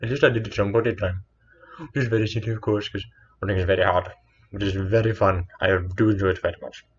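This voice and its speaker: A man's voice: fairly low pitch, fairly even intonation, fast talker, muffled recording, slight background noise. A man telling a personal story in a meandering, earnest way, often correcting himself. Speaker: storyteller vlogger.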